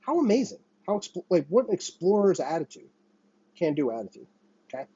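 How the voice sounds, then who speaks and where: Brisk and swinging widely in pitch, this American vlogger's high, husky voice carries a darkish yet warm tone as he swears his way through a rambling, self-interrupting rant to camera. He's in a small apartment with a window AC going, and the dry, slightly muffled sound suggests a cheap home setup.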